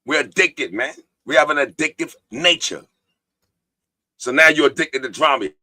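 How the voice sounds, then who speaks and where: A man's voice: on the high side, moderate pace, pushed and bright, no echo. A man hosting a live-stream talk show, preaching profanely and reading viewer comments aloud. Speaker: podcast host.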